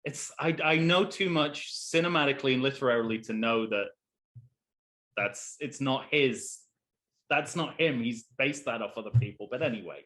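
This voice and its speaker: A man co-hosting a podcast, chatting casually about films with frequent restarts and sentences that fade off quietly. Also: mid-range voice. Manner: halting, many restarts, trails off quietly. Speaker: podcast co-host. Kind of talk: casual film discussion.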